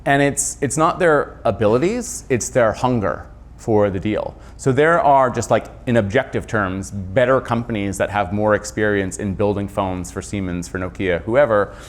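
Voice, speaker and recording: A middle-aged man, an author, speaking in a conversational interview with quick asides and self-corrections. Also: fairly low pitch. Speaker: author and journalist guest.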